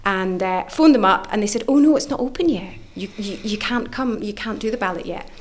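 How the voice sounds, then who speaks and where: A middle-aged woman, an author and coach, telling stories in an interview with lively, acted-out quoted voices. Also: brisk. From United Kingdom. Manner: animated, acts out quoted voices with big pitch jumps.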